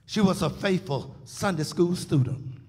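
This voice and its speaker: A man with a high voice preaches a funeral eulogy as pastor. His delivery swells into loud call-outs to the congregation, then drops back to a softer register. A long hall reverb hangs on every phrase. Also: measured pace. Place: church sanctuary.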